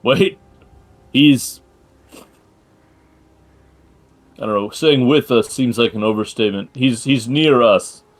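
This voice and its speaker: A man's voice: medium pitch, takes it slowly, long pauses. A man playing a tabletop game, talking casually and joking. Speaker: player.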